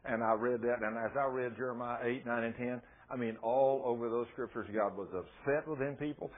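A man preaching a sermon, telling Bible stories in a folksy, animated way. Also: medium pitch, a little fast. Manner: folksy, animated storytelling with laughs. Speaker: pastor. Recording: tinny phone-like sound.

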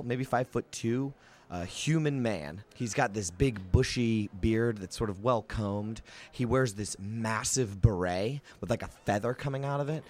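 Game master guy narrating, chill and casual, voice bounces around a lot. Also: on the low side. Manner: casual, lots of fillers.

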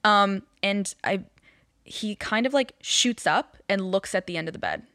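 A woman's voice: medium pitch, unhurried, no echo, clean studio sound. A young woman telling a spooky story from her own life in casual chat, rambling with lots of fillers. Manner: rambling, many fillers, animated retelling.

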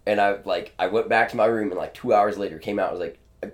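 A man's voice: lowish voice, fairly even intonation, fast. A young man co-hosting a podcast, telling personal stories in a wry, easygoing way. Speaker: podcast co-host. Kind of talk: casual chat.

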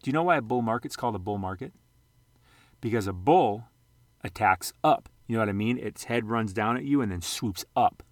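Low-voiced man, casual rambling vlogger. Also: expressive, fairly quick, dry recording. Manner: rambling, self-correcting, jokey. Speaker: sports card and investing vlogger. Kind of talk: casual screen-share commentary.

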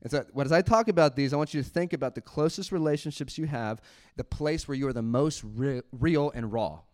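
A man preaching a sermon in church, animated, laughing often and acting out little quotes. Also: medium pitch, fairly quick. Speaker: pastor.

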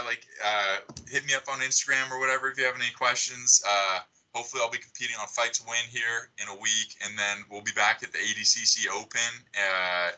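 A man's voice: mid-range voice, sharp tone, poor audio. A young man chatting casually as a podcast guest, swearing freely and full of likes and you-knows. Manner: swears a lot, laid-back filler-heavy talk. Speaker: podcast guest, jiu-jitsu competitor.

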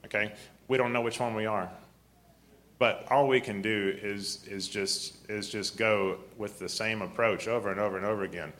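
A man with a deep, grumbly voice, preaching a sermon, often clearing his throat and restarting his sentences. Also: fairly even intonation, moderate pace, a bit bright.

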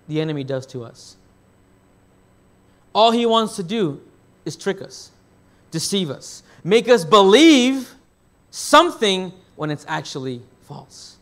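Man, pastor, sermon, higher voice, animated, loud then hushed, restarts. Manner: animated storytelling with big swings in loudness; repeats words when restarting.

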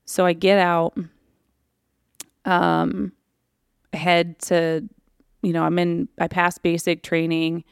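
A woman hosts a podcast and tells her own story in a candid, halting way, with lots of fillers. Her voice is low and gravelly, and she speaks slowly. The sound is dry and close. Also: flat delivery, no room sound. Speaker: podcast host. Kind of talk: personal storytelling.

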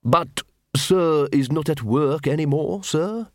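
A man's voice: a little high, slow pace, slight background noise, pitched above the performer's own voice. A man voicing a polite, formal male butler in a storybook reading. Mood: deferential. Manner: deferential.

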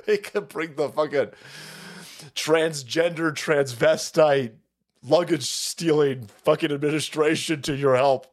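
A man's voice: fairly high pitch, unhurried. A man hosting a livestream, ranting about politics in a foul-mouthed, mocking way and often breaking into laughter. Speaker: livestream host. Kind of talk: profane political rant on a livestream.

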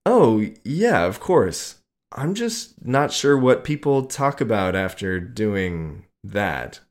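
A man's voice: on the low side, big pitch swings, slow, pitched above the performer's own voice. A man doing a shy awkward college guy. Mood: nervous. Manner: hesitant, nervous and blurting.

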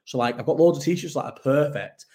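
A man in his early thirties hosts a casual live chat, his mid-pitched voice rambling from one thought to the next. He swears freely and pokes fun at himself as he talks. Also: a little fast, a little mellow. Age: 30s. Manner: rambling, sweary, self-mocking. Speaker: podcast host.

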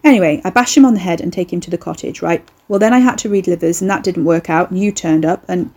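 Woman voicing a young male monster, cocky, rambling, mellow tone, audiobook. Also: on the low side, fast talker. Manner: breezy, slangy, boastful. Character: cocky young male eldritch horror, casually murderous.

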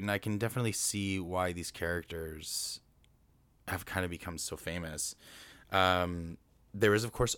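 A man with a very deep voice talks through a film recap in a loose, rambling way. He fills his sentences with fillers and restarts. The sound is dry and close. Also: fairly bright tone, no room sound. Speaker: film reviewer.

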